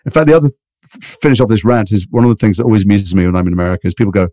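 An English man from Liverpool with a mixed British accent, an actor chatting in an interview in a rambling, animated way. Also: on the low side, no room sound, studio quality. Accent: mixed British, mild Liverpool and London traces. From England, Liverpool. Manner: fast, rambling, animated storytelling. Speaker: actor, guest. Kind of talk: casual interview chat.

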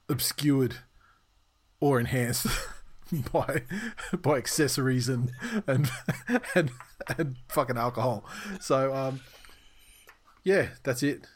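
A man hosts a podcast in a loose, casual style. He rambles and restarts his sentences, fills the gaps with fillers and swears now and then. His voice sits at an ordinary middle pitch. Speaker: podcast host. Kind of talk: casual chat.

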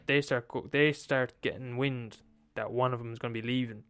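A man's voice: mid-range voice, fairly even intonation, normal speed, fairly bright tone, clear, resonant tone, dry recording, faint music behind. A man with an Irish accent retelling a story in a casual, profane, repetitive, conversational way.

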